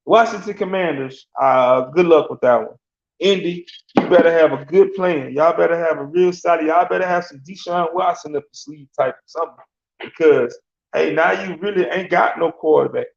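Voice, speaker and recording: Rambling man, gravelly, echoey room. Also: a little high, normal speed. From Alabama. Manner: loose, slangy and rambling, laughs often. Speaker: sports talk host. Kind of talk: casual sports rant. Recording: echoey room, dull lo-fi sound.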